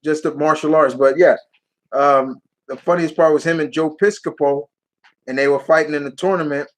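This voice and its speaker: High-voiced man hosting a casual live Q&A. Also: steady tone, moderate pace, rough recording. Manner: rambling, laughs while retelling movie scenes. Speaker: host answering live chat questions.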